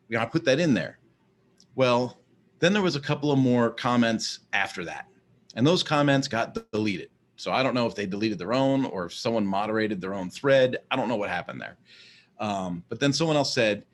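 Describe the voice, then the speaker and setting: A man in a casual monologue, rambling and often repeating words as he starts a sentence. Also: medium pitch. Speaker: vlogger.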